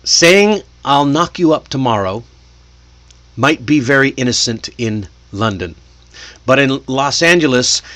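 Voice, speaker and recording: An American man giving a casual English lesson, chatty and lively, often laughing and putting questions to the viewer. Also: mid-range voice. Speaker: English teacher.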